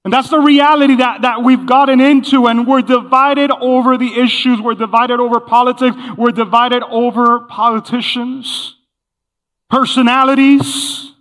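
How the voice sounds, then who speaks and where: A man's voice: extremely high pitch, fairly even intonation, normal speed, a bit bright. A middle-aged man, a pastor, preaching a sermon in a casual, chatty way, acting out little quoted voices as he goes. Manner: conversational, acts out quoted voices, laughs often. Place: church hall. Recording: long hall reverb.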